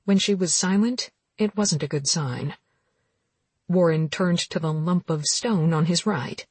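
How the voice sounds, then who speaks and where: A woman narrating a romance audiobook with steady, even storytelling, recorded close. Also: lowish voice, moderate pace, slightly rough, no echo.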